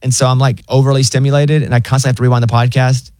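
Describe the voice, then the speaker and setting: A young man and co-host in casual chat, telling stories in an animated way and doing high voices when he quotes others. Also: very fast, no echo. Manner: animated storyteller, mimics voices in high pitch.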